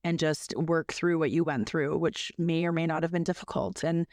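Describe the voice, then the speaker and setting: A woman in her thirties telling a personal story as a podcast guest, earnest, with many restarts, and lively when she quotes other people. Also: low voice, moderate pace, no room sound, studio quality.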